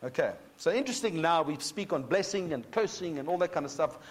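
A man teaching a Bible sermon in a conversational way, checking in with his listeners and reading scripture slowly. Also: fairly high pitch, expressive. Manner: conversational, often checking in with 'okay?'; reads scripture slowly and deliberately. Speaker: pastor.

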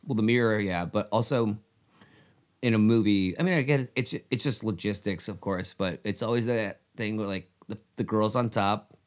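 A man's voice: lowish voice, moderate pace. A young man co-hosting a podcast, rambling and swearing freely in casual chat about a film. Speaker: podcast co-host.

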